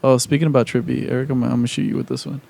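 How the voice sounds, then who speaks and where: Man, podcast co-host, warm dark voice, casual rambling chat, swears a lot. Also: medium pitch, flat delivery, racing, vocal fry. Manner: rambling, profane, full of "like" and restarts.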